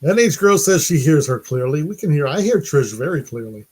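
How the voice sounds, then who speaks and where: A man's voice: fairly high pitch, sing-song, brisk, a little mellow. A middle-aged man hosting a casual live stream, chatting and laughing often.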